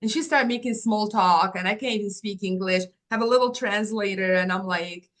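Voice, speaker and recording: Her quick restarts and acted-out quotes give energy to the personal stories this woman shares as an interview guest. She founded an agency, comes from Morocco, and speaks with an animated, middle-pitched voice.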